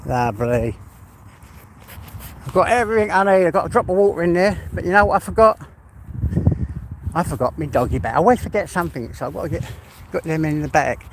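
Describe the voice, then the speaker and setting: A man's voice: fairly high pitch, lively intonation, fairly quick, long pauses, background noise. A man with an English accent chatting to his viewers on a phone livestream while walking his dog through the fields, swearing now and then. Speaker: livestream host. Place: outdoors in rural fields.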